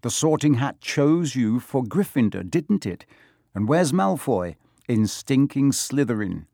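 A man's voice: medium pitch, big pitch swings, measured pace, creaky, warm tone, husky, dry recording, exaggerated voice. An earnest young schoolboy from a storybook, read by a man, speaking plainly and directly in a middle register. The sound is close and dry. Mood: reassuring. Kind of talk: audiobook reading.

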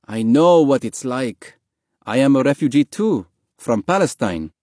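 A kindly old man, over sixty, speaks in a slow, gentle, measured storybook voice, as a male narrator puts him on. He is pitched a little above the reader's own tone and unhurried. The sound is dry and close. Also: lively intonation, no echo. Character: elderly kind Arab man, gentle and slow.

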